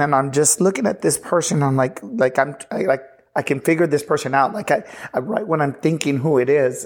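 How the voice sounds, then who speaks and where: A pastor from Texas telling his personal testimony in an earnest, halting way, often restarting sentences and retelling conversations. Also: medium pitch. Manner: earnest, halting, with frequent restarts and retold dialogue.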